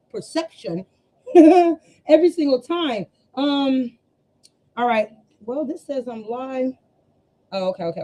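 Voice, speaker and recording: A woman business coach hosting a casual livestream, chatty and familiar, calling her viewers y'all and honey. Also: sits high. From US West Coast. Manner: chatty, warm slang, laughs often, addresses viewers as y'all and honey. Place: home room. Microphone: webcam setup with two cameras.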